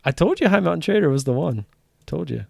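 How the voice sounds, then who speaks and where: A man hosting a live stream about day trading, chatting casually and getting excited, swearing freely and restarting his sentences. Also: fairly high pitch, fast talker, vocal fry, no room sound, clean studio sound. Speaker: livestream host talking day trading. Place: home streaming setup wearing headphones.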